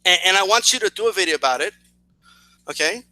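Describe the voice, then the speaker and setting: A man's voice: high-pitched, animated, fast talker, sharp tone, no room sound, poor audio. A man hosting a video channel, firing off a challenging response to a rival. He talks in a sarcastic, repetitive way, restarting phrases and asking "right?" again and again. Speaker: boxing commentary channel host.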